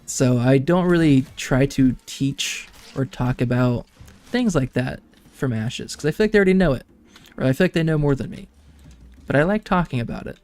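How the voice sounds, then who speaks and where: A man's voice: medium pitch, animated, moderate pace, a little mellow. A man streaming a game, rambling and chatting casually to his viewers and laughing often.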